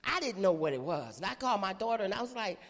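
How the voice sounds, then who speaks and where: A middle-aged woman, preaching an animated call-and-response sermon in a church. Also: mid-range voice, quick pace, long reverb tail.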